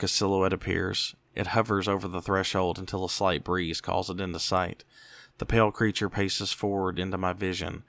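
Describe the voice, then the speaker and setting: A man reading a first-person horror story in a slow, measured way. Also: low voice, pushed and bright, clean tone, no echo.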